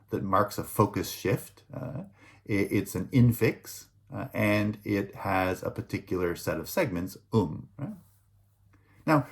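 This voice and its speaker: A man's voice: fairly low pitch, gravelly. A man giving a recorded linguistics lecture, talking through examples with many fillers and restarts and checking in with "right?".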